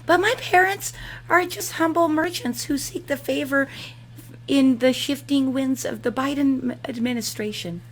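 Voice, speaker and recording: Lady doing a worried young girl voice, squeaky high, earnest. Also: normal speed, close to an everyday voice. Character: worried young woman, shopkeeper's daughter.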